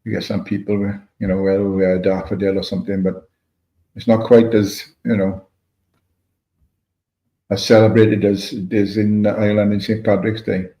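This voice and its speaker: Hosting a livestream, this Welshman rambles casually and says hello to viewers by name while going through chat. His voice is on the low side, warm and level, at a moderate pace, recorded in an echoey room with dull, lo-fi audio.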